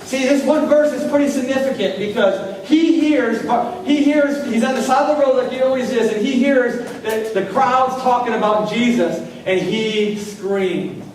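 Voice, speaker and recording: A man preaching a sermon as pastor, in a conversational way that slows down on key lines. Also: very high-pitched, noisy background. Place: church hall. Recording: echoey hall recorded from far off.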